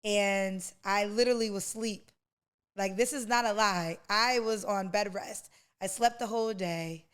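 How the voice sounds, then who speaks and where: Smooth-voiced woman giving heartfelt testimony. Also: mid-range voice, fairly even intonation, a little slow, a bit bright. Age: 40s. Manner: emotional, preacherly, addresses listener as honey and baby. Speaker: podcast host. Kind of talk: personal testimony.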